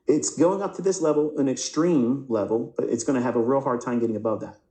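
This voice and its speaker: A man with a mellow, low-brightness voice gives a live trading lesson over price charts. He asks himself questions and answers them, and often stumbles over repeated words. The sound is roomy and echoing. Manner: repeats words, restarts mid-sentence. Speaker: trading instructor.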